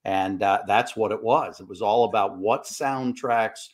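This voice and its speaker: A man's voice: on the low side, a little slow. An older man hosting a podcast interview, rambling and restarting his questions. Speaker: podcast host.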